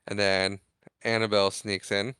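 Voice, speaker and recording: A man's voice: on the low side, flat delivery, moderate pace, bright, forceful tone, clean tone, dry recording. A man co-hosting a podcast, retelling film scenes in casual chat and acting out the lines. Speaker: podcast co-host.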